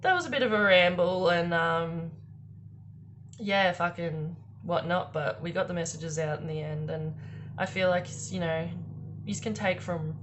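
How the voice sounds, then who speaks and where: A woman's voice: mid-range voice, background noise. A young woman giving a casual tarot reading in a chatty, rambling way, swearing freely and filling gaps with "um" and "like". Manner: rambling, chatty and swearing, with frequent laughs and fillers. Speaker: tarot card reader.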